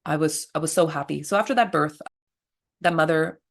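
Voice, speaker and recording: A middle-aged woman, a birth attendant, telling stories in a blunt, animated interview style and swearing freely. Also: low voice, a little fast, creaky. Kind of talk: candid storytelling interview.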